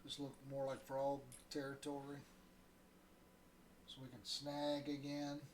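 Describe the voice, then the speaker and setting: A laid-back man from Ohio talks his way through a fishing game, drifting off into stories and chuckling now and then. His pitch sits in a plain middle range. A faint hiss of noise hangs behind him. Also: measured pace. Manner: relaxed and rambling, storytelling between casts, chuckles often. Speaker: gaming channel host. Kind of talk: casual gameplay commentary.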